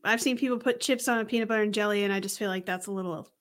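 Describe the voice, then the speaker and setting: A woman's voice: mid-range voice, rapid-fire, a bit bright. A woman co-hosting a podcast from home, chatting casually and teasing her partner with easy laughter. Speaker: podcast co-host. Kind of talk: casual chat.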